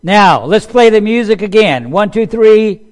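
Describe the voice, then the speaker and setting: A man preaches a sermon in a high-pitched, expressive, slightly mellow voice at a measured pace. He talks conversationally with his listeners, acting out quotes and asking the audience questions.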